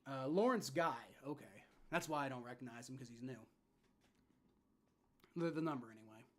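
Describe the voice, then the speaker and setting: A young man hosting a live fan reaction stream with play-by-play, frustrated and swearing, dropping to low mutters and rising to shouts. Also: normal speed. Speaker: livestream reaction host.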